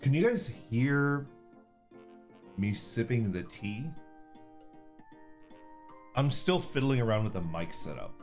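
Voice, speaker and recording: A man's voice: mid-range voice, very animated, takes it slowly, long pauses, darkish tone, soft background music. A man streaming under an orc persona, casually chatting with viewers, reading super chats, laid-back and profane, laughing often.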